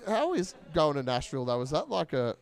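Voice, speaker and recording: A man with an Australian accent hosts a casual fundraiser chat, his voice sitting a little high. He jokes at his own expense and laughs a lot. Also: big pitch swings, brisk, vocal fry. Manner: jokey, self-mocking, laughs often.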